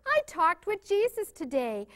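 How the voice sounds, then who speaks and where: Brief: woman reading a small brave boy, eager and earnest, lively high storybook voice. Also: unhurried, heavily acted. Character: brave little boy on a backyard adventure.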